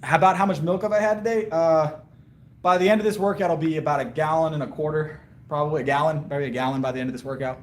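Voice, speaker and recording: Chatty man, fairly high voice. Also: steady tone, quick pace, echoey room, slight background noise. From Southern US. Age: 30s. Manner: rambling, chatty, answers viewer questions with a laugh. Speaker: powerlifting livestreamer. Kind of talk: casual live-stream chat between sets.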